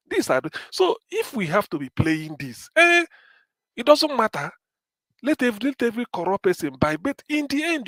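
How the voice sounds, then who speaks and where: Nigerian male commentator, high-pitched, animated, English-Pidgin mix, dry close sound. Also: no room sound. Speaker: political commentator. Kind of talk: live-stream political commentary.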